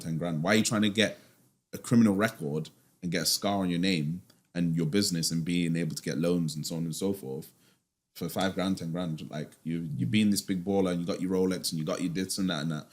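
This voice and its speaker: A man, a finance guest in a casual podcast interview, talking emphatically and firing off rhetorical questions in a slangy way. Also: deep voice.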